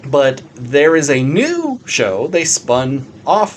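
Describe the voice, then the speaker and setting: A man's voice: on the high side, sing-song, slow, a little hiss or hum. Rambling man chatting on a podcast. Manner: rambling, heavy on fillers and swearing. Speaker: podcast co-host. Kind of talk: casual chat.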